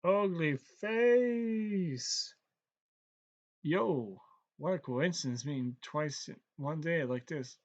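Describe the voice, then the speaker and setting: An actor playing a surly young man who hunts heroes, gruff and scornful, given to cursing. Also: high voice, a little mellow, muffled recording, full character voice. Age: young adult.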